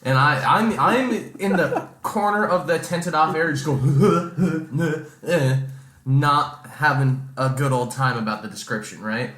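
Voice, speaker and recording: A male podcast co-host tells a story in casual chat, swearing heavily and dramatically acting out the people he quotes. His voice is on the high side and a little slow, with hardly any pauses and a reverberant sound.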